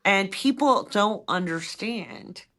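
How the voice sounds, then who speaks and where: A middle-aged woman co-hosting a podcast, chatting casually and rambling through stories in an animated way. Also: mid-range voice, takes it slowly. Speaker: podcast co-host.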